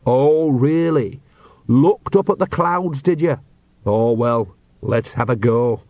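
A man's voice: medium pitch, slow, creaky, dry recording, dull audio. Man voicing a bawdy cheerful old witch. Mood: insistent. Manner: blunt, teasing, loud.

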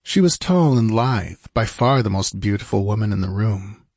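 A man reading an adventure novel aloud as audiobook narrator, measured and even. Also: lowish voice, dry recording, studio quality. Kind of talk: scripted narration.

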